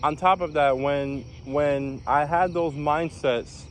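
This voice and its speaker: A man's voice: a little high, fairly even intonation, slow pace, a little hiss or hum. A young man casually telling a personal story as a vlogger, rambling and repeating phrases.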